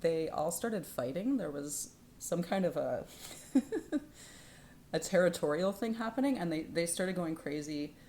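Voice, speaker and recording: A woman reading tarot cards in a spiritual vlog, soft-spoken and at times dropping to a whisper, livelier and laughing as she tells stories. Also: on the low side, lively intonation, moderate pace, hardly any pauses, a little hiss or hum. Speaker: tarot reader. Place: home in Canada.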